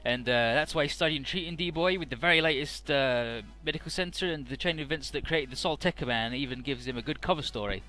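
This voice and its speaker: A let's-play host with a fairly high, sharp voice recaps a game's story during a casual playthrough, swearing offhandedly. He paraphrases the dialogue in quick, put-on snippets.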